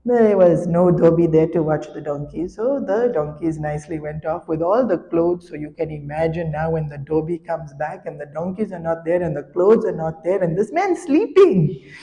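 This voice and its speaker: A woman spiritual teacher giving a sermon, telling a story with animated, laughing delivery. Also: low-pitched, moderate pace, long reverb tail.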